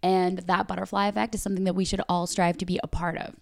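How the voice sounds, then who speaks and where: A woman's voice: on the low side, level tone, quick pace, creaky, no echo. Upbeat lady podcast host, gushy, pretty dry sound, no room at all. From Canada. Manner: upbeat and gushing. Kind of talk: podcast interview.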